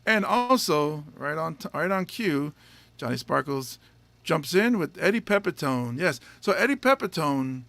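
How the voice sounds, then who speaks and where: A man's voice: a little high, sing-song, measured pace, creaky, fairly bright tone, dry recording. A male stand-up comedian and podcast host chatting casually, rambling through stories with lots of fillers and restarts. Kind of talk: casual chat.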